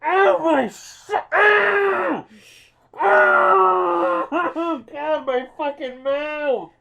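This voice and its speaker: A furious dragon, as a tipsy man puts it on howls and curses through a wounded mouth. The voice shoots far above his normal speech and is shouted. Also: very high-pitched, extremely slow, creaky, pitched above the performer's own voice, full character voice. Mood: pained outrage. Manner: shrieking, swearing in pain.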